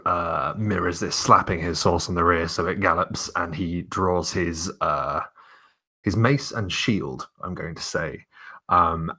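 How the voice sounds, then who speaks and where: A man's voice: low-pitched, bright, forceful tone, slightly rough. A man playing a tabletop game, describing his character's moves matter-of-factly. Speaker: player. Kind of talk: casual tabletop play.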